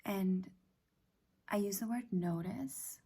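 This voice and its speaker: A middle-aged woman hosting a reflective self-help talk, speaking softly and often in a half-whisper, gentle and halting. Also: mid-range voice, breathy edge. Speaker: self-help practice host. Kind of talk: soft-spoken personal reflection.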